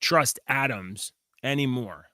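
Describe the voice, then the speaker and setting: Middle-aged male co-host, easygoing joker with a bright tone. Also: mid-range voice, takes it slowly, no echo. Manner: laid-back, joking, chuckles easily. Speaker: podcast co-host. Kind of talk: casual chat.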